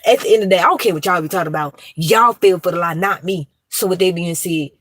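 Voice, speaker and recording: A woman's voice: lowish voice, fast talker, fairly bright tone, no room sound. A woman, ranting emphatically and profanely to her viewers. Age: 30s. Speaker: vlogger.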